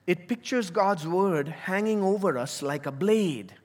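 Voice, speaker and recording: A pastor delivers his sermon with earnest conviction, his voice sitting a little higher than most men's. He leans into important words and draws them out slowly for emphasis. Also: expressive. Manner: earnest, emphatic preaching that slows on key words.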